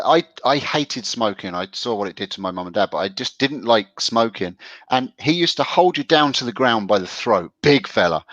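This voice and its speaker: A man co-hosting a relaxed chat show, telling his stories with a voice that swings up and down a lot. The recording sounds dull and lo-fi, with a dry, close sound and no room echo. He laughs easily and rambles through his anecdotes. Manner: chatty storyteller, laughs often, lively pitch. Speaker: co-host. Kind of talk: casual chat.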